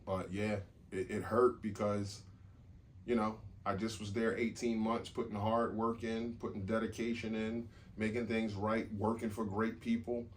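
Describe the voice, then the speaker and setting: A man's voice: fairly low pitch, level tone, a little slow, a little hiss or hum. A man co-hosting a podcast, talking casually in a rambling way, repeating himself and swearing now and then. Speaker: podcast co-host. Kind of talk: casual chat.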